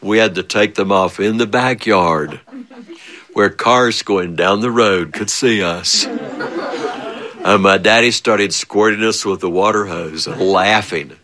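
A man telling a funny childhood story, animated and chuckling often, with big swings of voice. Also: lowish voice, a little slow, crowd noise. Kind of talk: spoken storytelling.

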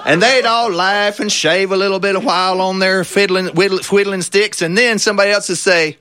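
A man's voice: sits high, steady tone, fairly quick, hardly any pauses, sharp tone, no echo, studio quality. A man from Kentucky telling folk tales with a Southern Kentucky drawl in a folksy, drawling way. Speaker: storyteller. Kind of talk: folk tale storytelling.

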